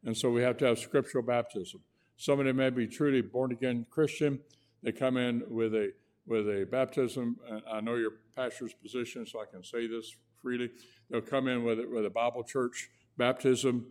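A man with a twang delivers a sermon in a folksy, homespun way. His voice sits at an ordinary middle pitch, and he often doubles back on his words as he preaches. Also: fairly even intonation, normal speed, a little mellow. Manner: folksy, repeats words, tells homespun stories. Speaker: guest preacher.

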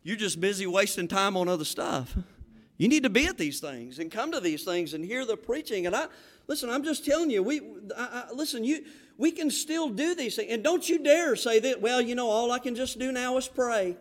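A man's voice: sits high, sing-song, normal speed. A man with a Southern accent from the Florida panhandle, preaching a fervent sermon as a pastor, with many restarts and rising exhortations.

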